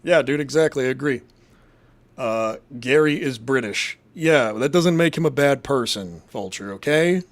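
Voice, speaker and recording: A man's voice: medium pitch, moderate pace. A man from Massachusetts hosting a casual live show, reading chat and rambling in a crude, profane, jokey way.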